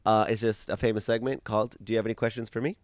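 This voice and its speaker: A man hosting a casual comedy podcast, reacting with quick quips and bursting into laughter. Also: lowish voice, steady tone, no echo, studio quality. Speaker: podcast host. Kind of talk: casual interview chat.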